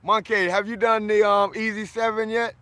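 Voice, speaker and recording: Loud friendly florida guy chatting on a livestream, shouting out viewers by name. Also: high voice, flat delivery, moderate pace, no room sound. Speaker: livestream host reading viewer comments. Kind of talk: casual livestream chat.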